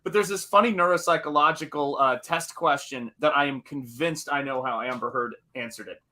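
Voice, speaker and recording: Guy co-hosting a horror movie chat, kinda high voice, bright and chatty. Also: a little fast. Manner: chatty, analytical, acts out quoted lines. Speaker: co-host. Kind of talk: casual film discussion.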